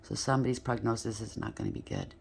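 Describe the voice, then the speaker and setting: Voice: mid-range voice, wildly swooping pitch, fast, gravelly, a little hiss or hum. A tarot reader giving a casual spoken reading, talking straight to the listener, checking in with "right?" and "okay?", and now and then tripping over words and starting again. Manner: addresses the listener directly with frequent rhetorical checks; stumbles and restarts while talking.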